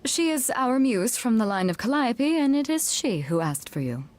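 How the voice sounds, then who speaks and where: Solemn, formal guardians. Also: female voice, a little high, very animated, moderate pace, a little mellow. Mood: stern. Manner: formal, proclamatory.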